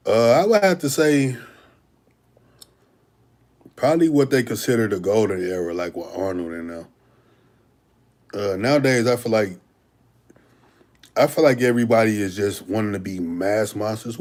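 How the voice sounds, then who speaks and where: Hosting a livestream, this bodybuilder answers chat in a relaxed way, chatting with viewers, using slang, and restarting often. His voice is fairly low in pitch and slightly mellow; it's a casual Q&A.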